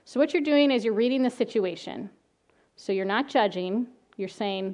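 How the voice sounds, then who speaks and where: A middle-aged woman giving a talk on calming angry children, telling lively stories from her own family and work, often laughing and acting out the children's voices. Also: on the high side, moderate pace. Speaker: child behavior specialist giving a parenting talk. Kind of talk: presentation with slides.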